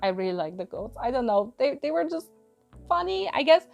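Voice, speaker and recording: A woman's voice: high voice, very animated, a little fast, creaky, darkish tone, soft background music. A woman giving a casual, rambling film review, exasperated and laughing often, repeating words as she restarts her sentences. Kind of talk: casual spoken movie review.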